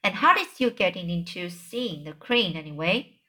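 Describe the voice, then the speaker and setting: A woman's voice: fairly low pitch, lively intonation, moderate pace, bright, forceful tone. A woman reading the lines of a big, kindly male giant who speaks in mangled grammar, in a children's book read aloud. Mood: plain.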